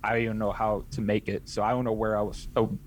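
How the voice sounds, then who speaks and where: A man's voice: lowish voice, flat delivery, fast, slight background noise. A young man, a podcast guest, telling a casual story in a rambling way, full of restarts and self-corrections. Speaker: podcast guest, haunt scare actor.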